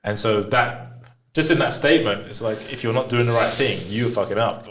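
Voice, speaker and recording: A man's voice: medium pitch, moderate pace, fairly bright tone, slight background noise. A man hosting a candid personal conversation, talking openly and frankly and swearing casually. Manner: open and frank, swears freely. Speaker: podcast host.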